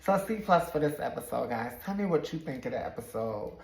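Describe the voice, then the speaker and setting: A man's voice: mid-range voice, lively intonation, fairly quick, vocal fry, darkish tone. A man casually recapping a reality show, chatty and slangy, retelling scenes with plenty of sass. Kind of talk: casual commentary. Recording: echoey room.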